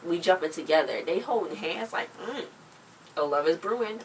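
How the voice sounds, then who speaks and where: A woman with a low voice chats her way through a TV episode recap, slangy and animated in her retellings. She sits a little away from the mic, and a faint background hiss runs under her. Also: a little fast, vocal fry, distant mic. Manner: chatty, slangy, acts out quotes. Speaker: show recap vlogger. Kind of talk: casual show recap.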